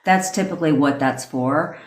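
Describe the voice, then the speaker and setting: A woman's voice: low-pitched, moderate pace, reverberant. A woman who coaches manifestation, chatting loosely on a livestream, swearing and laughing often between rambling points. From North America. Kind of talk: casual livestream chat.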